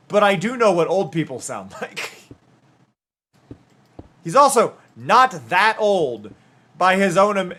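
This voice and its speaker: Male streamer, higher-pitched voice, rambling chatter and hummed asides. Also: bright, forceful tone. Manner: rambling and chatty, with hums and half-sung bits. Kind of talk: casual live-stream chat.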